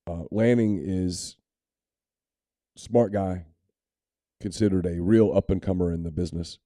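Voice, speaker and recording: Man, podcast co-host, candid and opinionated, very mellow dark tone, dry sound. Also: sits low, steady tone, unhurried, dry recording. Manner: candid, opinionated, many restarts. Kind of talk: casual sports talk.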